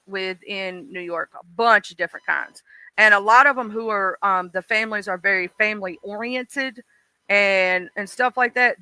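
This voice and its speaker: Woman with a Mississippi drawl, folksy and profane, very bright and crisp tone, dry close sound; casual livestream host. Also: medium pitch, no echo, poor audio. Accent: Mississippi Southern. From Mississippi, US South. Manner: chatty, folksy and profane, laughs often. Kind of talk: casual chat.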